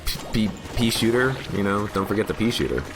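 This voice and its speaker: A man with a deep, hoarse voice worn rough by a cold chats his way through a game, rambling and poking fun at himself. His low voice still swings up and down a lot, with music playing clearly behind him. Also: animated. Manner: rambling, self-mocking, quick asides. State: sick with a cold, voice hoarse and shot. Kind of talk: casual gameplay commentary.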